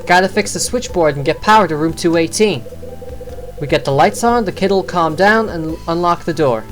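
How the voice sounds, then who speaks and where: A woman putting on the voice of an excitable, slangy young man working at a hotel in a game. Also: lowish voice, normal speed, soft background music, close to an everyday voice. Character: excitable young male bellhop, slangy and jumpy.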